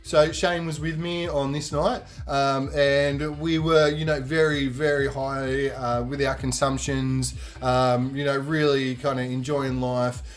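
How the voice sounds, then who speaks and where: In a mid-range, unhurried voice with few pauses, a young podcast host casually tells a festival story. He's animated, acting out the quoted voices and swearing freely.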